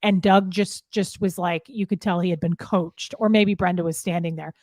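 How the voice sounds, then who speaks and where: A middle-aged woman telling a painful personal story, upset and halting, often restarting her sentences. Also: on the low side, fairly even intonation, darkish tone, dry recording, studio quality. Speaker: guest sharing her story. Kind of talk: emotional personal account.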